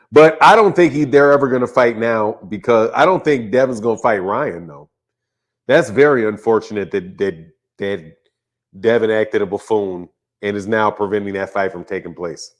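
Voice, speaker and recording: A man's voice: on the low side, moderate pace. A man hosting a live boxing stream, chatting casually, laughing often and greeting viewers by name. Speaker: boxing channel host.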